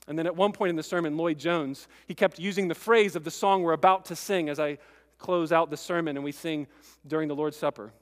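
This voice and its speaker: High-voiced man preaching in a reverberant hall. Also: fairly even intonation, a little fast. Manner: earnest preaching with conversational asides. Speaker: pastor. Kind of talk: sermon.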